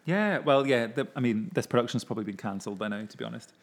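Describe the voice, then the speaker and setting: A man's voice: mid-range voice, fast talker. Wry, self-mocking man in his twenties. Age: 20s. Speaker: podcast co-host. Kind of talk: casual chat.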